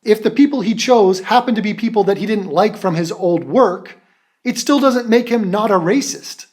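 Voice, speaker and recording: A man's voice: high-pitched, normal speed, a little mellow. A man hosting a reaction commentary, ranting in a profane, mocking and exasperated way. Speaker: commentary channel host.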